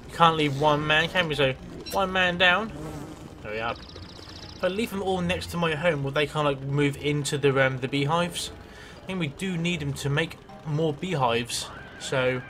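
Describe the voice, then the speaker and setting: A man's voice: a little high, moderate pace, noisy background. A man giving casual gameplay commentary as a let's play host, rambling, swearing freely and talking to himself.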